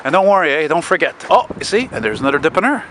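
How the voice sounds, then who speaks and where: This vlogger's slightly high voice is expressive, quick, and fairly bright as he narrates a casual walk outdoors. On a city street at dusk, with passing cars and street noise around him, he rambles and swears while talking to viewers.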